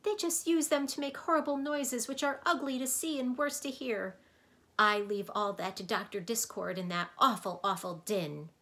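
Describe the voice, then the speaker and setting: A woman's voice: fairly high pitch, fairly even intonation, normal speed, pushed and bright, voice pushed up. A woman voicing a prim, stubborn woman who keeps sounds, in a storybook read-aloud. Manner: prim, bossy.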